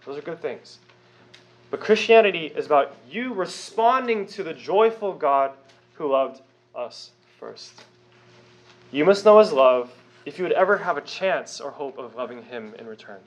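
A man's voice: on the high side, expressive, normal speed. A young man preaching a sermon, emphatic and conversational, with frequent rhetorical questions. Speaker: pastor.

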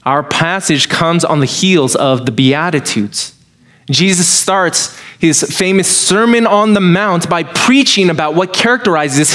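A man's voice: a little high, fairly bright tone. A man preaching a sermon as pastor, emphatic, with touches of dry humor.

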